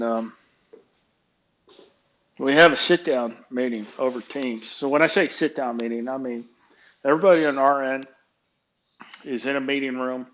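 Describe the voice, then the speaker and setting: A man's voice: medium pitch, highs cut off. A man telling a work story as a casual, exasperated rant, acting out both sides of the conversations. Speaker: vlogger ranting about work.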